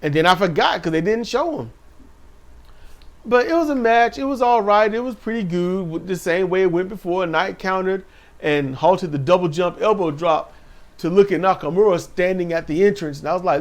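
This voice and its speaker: A man with a high voice talks through a wrestling episode in a loose, offhand way. He is sarcastic and pokes fun at what he watched. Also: normal speed. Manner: sarcastic, mocking impressions in a raised voice. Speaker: wrestling show reviewer. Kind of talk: casual recap commentary.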